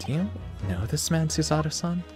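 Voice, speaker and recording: A flustered young man in handcuffs, protesting and wary, as a man reads him out. His voice rides a bit higher than usual. Game music runs underneath. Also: sing-song, moderate pace. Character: exasperated young male defendant.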